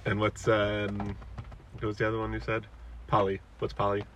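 A man's voice: lowish voice, monotone, normal speed. A man chatting casually, playfully quizzing and repeating words back. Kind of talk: casual chat. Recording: distant mic with faint background noise.

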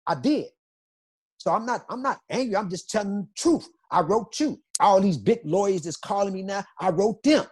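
Husky-voiced man, emphatic and insistent. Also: sits high, expressive, normal speed, darkish tone. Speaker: interview guest. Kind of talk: emotional interview testimony.

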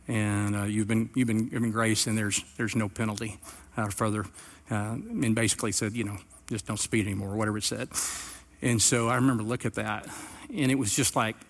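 A man's voice: medium pitch, a bit bright. Storytelling middle-aged pastor, man. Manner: storytelling, building to earnest emphasis. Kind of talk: sermon.

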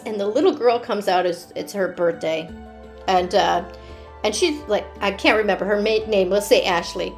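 A woman who works as a children's party performer, casually telling personal stories in an animated way and laughing often. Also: mid-range voice, normal speed, faint music behind.

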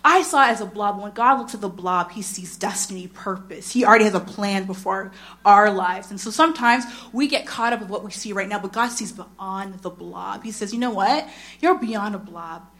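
A woman in her thirties preaching a sermon, telling a personal story and acting out the dialogue. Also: a little fast. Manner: animated storyteller, acts out dialogue with big pitch jumps.

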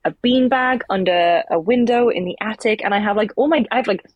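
A woman's voice: medium pitch, a little fast, muffled recording. A sleepy British woman hosting a podcast from an attic room, chatting loosely and swearing casually. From England. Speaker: podcast host. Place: attic room at her mother's home.

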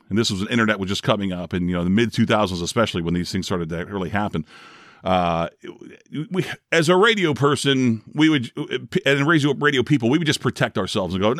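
Lively former radio DJ man. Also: medium pitch, fast, no room sound, studio quality. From Northeast Ohio. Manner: chatty, self-deprecating, animated. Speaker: podcast host, former radio DJ. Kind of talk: casual solo podcast monologue.

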